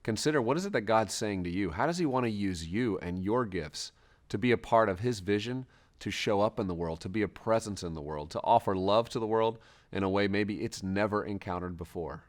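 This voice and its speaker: A man giving a scripted introduction to a teaching series, with a steady, measured delivery in listed phrases. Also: fairly low pitch.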